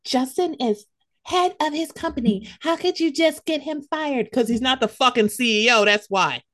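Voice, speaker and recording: A woman with a fairly high voice trades frank, swearing-heavy gossip with her co-host in a loose, animated chat. She keeps breaking into exaggerated mocking impressions of the people she is talking about. Her delivery is quick and opinionated. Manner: blunt, profane, animated; slips into mocking impressions of others. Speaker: podcast co-host.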